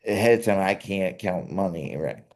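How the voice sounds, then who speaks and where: A young man co-hosting a casual chat, earnest and halting, often restarting his sentences. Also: low voice, expressive, darkish tone. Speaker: co-host.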